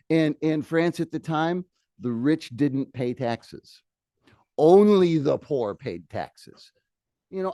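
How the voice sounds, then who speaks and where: Animated male teacher lecturing a class. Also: fairly high pitch, no room sound, clean studio sound. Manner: animated, joking asides to students.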